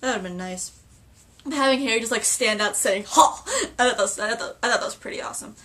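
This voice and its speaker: An excitable woman with a slightly high voice gushes through a casual film reaction. She talks in bursts, stumbling over restarts and filling gaps with "like". Her tone is chatty and eager. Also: fast, recorded from a distance. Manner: excitable and gushing, full of "like" and restarts.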